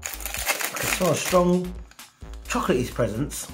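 A man's voice: fairly high pitch, expressive, fairly quick, over loud music. A man reviewing snacks on his vlog, talking casually with slang and theatrical, exaggerated outrage. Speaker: food reviewer.

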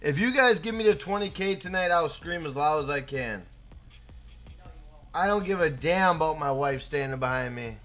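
A man's voice: on the high side, animated, moderate pace, faint music behind. A young man live-streaming a game, chatting casually and hyping up his chat by name. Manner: hyped, shouts out chat names.

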